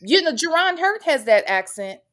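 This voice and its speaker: A woman's voice: high voice, sing-song, moderate pace, a bit bright. A woman from the Midwest hosting a casual talk show, blunt and emphatic with frequent swearing. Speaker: podcast host. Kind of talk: casual chat.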